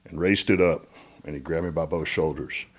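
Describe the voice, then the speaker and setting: A middle-aged American man telling stories as a guest in a casual interview, animated and repeating words when he gets going. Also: rumbling low, normal speed, husky.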